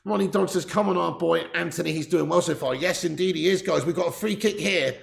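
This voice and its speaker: A man hosting a casual live football watch-along, laughing often as he reads out viewer messages. His voice is heavily gravelly and sits a little high. He sounds distant from a laptop mic with the gain turned up, in a roomy, echoing space. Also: a little fast. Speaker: live stream host. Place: room indoors. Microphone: laptop mic set far away with gain turned up. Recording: echoey room.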